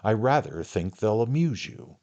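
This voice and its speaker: A man's voice: on the low side, very animated, unhurried, mellow, highs cut off. A man doing a pompous, fussy editor. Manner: self-important, meekly placating toward his wife. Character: pompous, fussy small-town newspaper editor.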